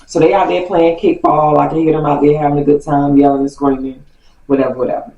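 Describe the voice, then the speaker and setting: A woman telling a story from her childhood to her viewers in a chatty, animated way. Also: low voice, fast, muffled recording. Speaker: vlogger. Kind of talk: casual storytime. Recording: roomy, distant from mic.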